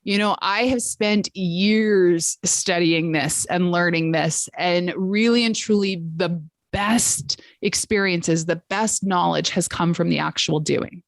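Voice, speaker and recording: A woman's voice: fairly low pitch, slow, no echo. A woman travel sales coach hosting a coaching call, telling stories in a chatty way with exclamations.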